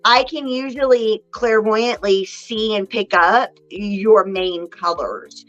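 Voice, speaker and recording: A woman's voice: medium pitch, fairly bright tone, faint music behind. Chatty woman on dull lo-fi audio. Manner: chatty, halting, addresses listeners directly. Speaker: podcast co-host, psychic reader. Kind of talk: casual chat.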